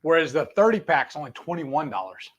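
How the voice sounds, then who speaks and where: A man's voice: on the high side, very animated, a little fast, lo-fi sound. A man, co-hosting a casual cooking livestream in an easygoing, chatty way. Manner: easygoing, talks to viewers as y'all. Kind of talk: casual live-stream chat.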